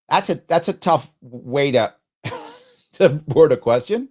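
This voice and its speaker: A middle-aged man hosts a live stream and talks his way through quiz questions as he goes. His voice sits a bit higher than most men's, and he keeps breaking off to rephrase himself with a chuckle. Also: expressive, unhurried, a little mellow. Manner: musing aloud, frequent self-interruptions and laughs. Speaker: show host.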